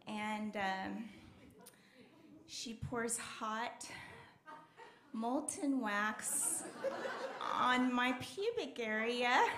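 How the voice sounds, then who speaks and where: A woman's voice: a little high, gravelly. A young woman doing a stand-up set, telling her story in a chatty way with lots of fillers. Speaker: stand-up comedian. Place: comedy club stage. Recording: roomy club with faint noise.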